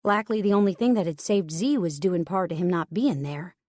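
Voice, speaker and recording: A woman narrating a first-person romance audiobook in a steady, wry storytelling manner. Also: lowish voice, brisk, dry recording, studio quality.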